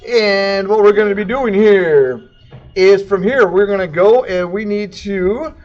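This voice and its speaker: A man giving a casual, jokey software tutorial, throwing in sound effects and silly asides. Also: high-pitched, a little slow, lo-fi sound. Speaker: CAD instructor. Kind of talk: casual screen-recorded tutorial.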